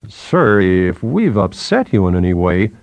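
A calm, polite young student who answers evenly and respectfully, read by a man. His speech is unhurried and sounds dry and close, with no room sound. The figure comes from a spoken storybook. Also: deep voice, gravelly, no echo, heavily acted. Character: placid polite male university student.

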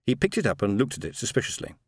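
A man narrating a science fiction story in a steady, measured reading. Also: medium pitch, no echo, clean studio sound. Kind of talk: audiobook narration.

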